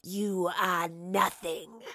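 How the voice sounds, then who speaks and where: A woman voicing a menacing, inhuman wraith in a storybook reading, speaking in a slow, whispery hiss. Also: fairly low pitch, level tone, a bit bright, no echo, clean studio sound, full character voice. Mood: cold hiss.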